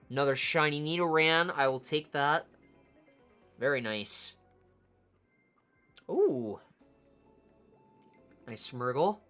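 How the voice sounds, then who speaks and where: A woman streamer giving casual, low-key commentary, murmuring card names half to herself. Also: fairly bright tone, smooth.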